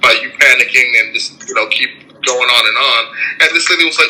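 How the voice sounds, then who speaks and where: A man's voice: medium pitch, a little fast, pushed and bright, rough recording. A man hosting a podcast, commenting in a rambling, indignant way, full of fillers. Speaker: podcast host. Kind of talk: casual commentary.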